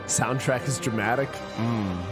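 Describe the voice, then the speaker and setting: A man's voice: medium pitch, unhurried, loud music behind the voice. A drunk man streaming a game, rambling, swearing and chatting with his viewers. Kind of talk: casual live-stream chat.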